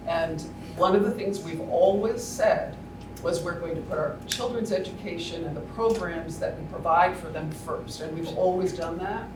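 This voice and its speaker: A man on a school board speaking earnestly at a public forum, explaining plans in a measured way. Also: on the high side. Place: large meeting room. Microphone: distant room mic. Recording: echoey room audio from far off, noisy.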